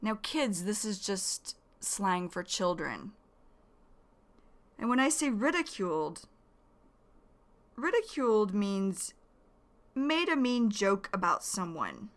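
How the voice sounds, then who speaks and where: A woman teaching English vocabulary slowly and clearly, repeating each new word. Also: medium pitch, sing-song. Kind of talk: slow vocabulary lesson.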